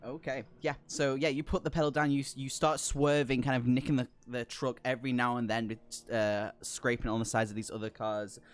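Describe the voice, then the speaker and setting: A man's voice: mid-range voice, little pitch movement, fairly quick, few pauses. A man narrating a tabletop horror game as game master, describing scenes with lots of filler words.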